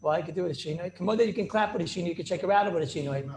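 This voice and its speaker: High gravelly rabbi teaching a class. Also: male voice, racing, a crowd in the background. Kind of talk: informal Torah class. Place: classroom with students.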